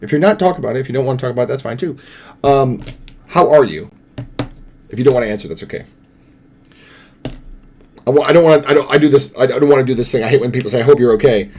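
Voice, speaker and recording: A man's voice: mid-range voice, quick pace, long pauses, a little mellow, slight background noise. A man chatting casually to viewers during a live stream, rambling and laughing easily. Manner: rambling, chatty, sings along and laughs often.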